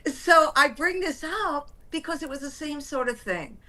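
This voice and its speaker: A woman's voice: sits high, lively intonation, unhurried, bright, forceful tone. A middle-aged woman, a former sports anchor, chatting candidly as an interview guest and laughing often. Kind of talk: casual interview chat.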